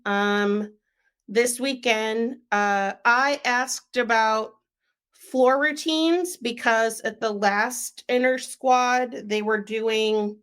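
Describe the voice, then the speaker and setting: Slow-talking young woman podcaster. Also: fairly high pitch, a bit bright, smooth. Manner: chatty, frequent "um" and "like" fillers. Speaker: sports podcast co-host. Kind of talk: casual podcast chat.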